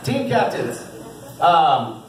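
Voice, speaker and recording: Male coach, high voice, upbeat banquet award speech, echoey hall, off-mic. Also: sing-song, drawn-out words, far from the mic, slight background noise. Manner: upbeat and encouraging, often laughing. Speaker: youth football coach.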